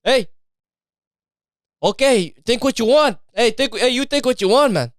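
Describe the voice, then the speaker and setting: A man's voice: extremely high pitch, lively intonation, measured pace, no echo, clean studio sound, pitched above the performer's own voice. A man putting on a fake Italian accent to play a boastful Italian man who insists his family invented famous dishes. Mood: insistent. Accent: put-on Italian. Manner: insistent and grandiose, brushes off doubt.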